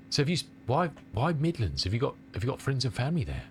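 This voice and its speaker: A middle-aged Englishman who streams flight sims has a cold as he chats casually with his live viewers, rambling while answering their comments. His medium-pitched voice comes with a little hiss or hum.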